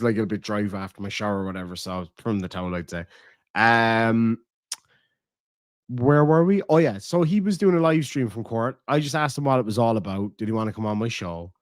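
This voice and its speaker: A man's voice: mid-range voice, dry recording, clean studio sound. Irish man, profane livestream host. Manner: profane, rambling, reads out donations. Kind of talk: casual livestream chat.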